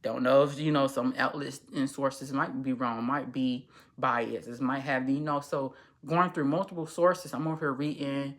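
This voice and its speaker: A woman's voice: a bass voice, steady tone, moderate pace. A woman hosting a casual commentary podcast, speaking as a social worker, candid and rambling, swearing freely and tripping over her words. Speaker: podcast host.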